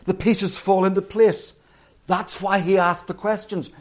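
A man's voice: high-pitched, flat delivery, unhurried. A middle-aged man preaching a sermon, retelling a story dramatically and acting out the quotes.

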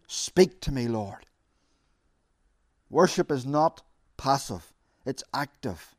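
A man's voice: mid-range voice, expressive, slow, dry recording, clean studio sound. A man preaching and then leading an earnest, emphatic prayer for his congregation.

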